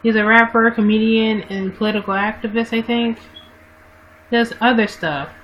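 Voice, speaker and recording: A woman's voice: a little high, fairly even intonation, normal speed, lo-fi sound, slight background noise. A woman vlogger talking casually to her livestream viewers into a webcam mic, rambling and often correcting herself. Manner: rambling, frequent self-corrections and restarts.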